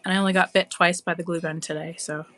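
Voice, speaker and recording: A woman's voice: lowish voice, fairly even intonation, quick pace, fairly bright tone, soft background music. A woman chatting casually on a live craft stream, cooing and squealing with delight as she works. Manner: bubbly, coos and squeals over her craft.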